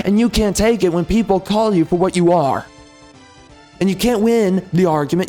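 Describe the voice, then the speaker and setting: A man with a high, darkish voice rants in a slightly raised tone on a gaming commentary channel. His angry tirade hammers the same insults over and over, with faint music running underneath.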